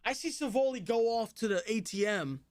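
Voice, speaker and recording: A young man streaming to his viewers, telling a long story in a casual, animated way, swearing often and breaking into loud outbursts. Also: high-pitched. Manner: animated, swears a lot, jumps between fast narration and loud outbursts.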